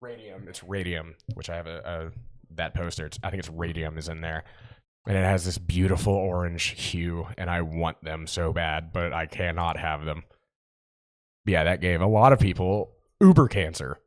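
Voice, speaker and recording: A man's voice: low-pitched, normal speed. A man co-hosting a podcast in casual chat, rambling, enthusiastic and swearing freely. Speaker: podcast co-host.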